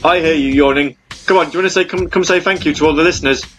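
A man's voice: fairly high pitch, very fast, fairly bright tone, soft background music. Chatty man hosting a radio show. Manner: rambling, chatty, lots of fillers. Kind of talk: casual radio show chat. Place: home.

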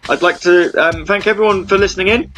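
A man's voice: high voice, fairly even intonation, fast talker. A man hosting a radio show from home, chatting casually and rambling with lots of fillers.

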